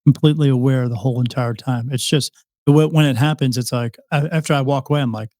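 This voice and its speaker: A man's voice: medium pitch, fairly even intonation, fast talker, mellow, no echo. Rambling man telling a story, dry sound. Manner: rambling, with many restarts and quoted dialogue. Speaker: psychic medium guest. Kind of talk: casual interview storytelling.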